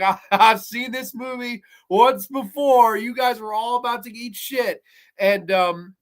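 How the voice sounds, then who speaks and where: A man hosting a horror film review show, retelling scenes in a casual, excitable and profane way. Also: on the high side.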